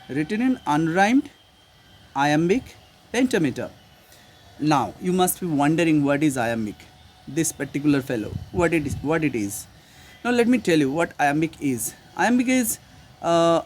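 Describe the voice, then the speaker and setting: A man with an Indian English accent and a fairly high voice talks through a literature lesson. He pauses on fillers and restarts his phrases, explaining step by step. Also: a little hiss or hum. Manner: hesitant, repeats himself with many fillers. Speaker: teacher. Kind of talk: casual online literature lesson.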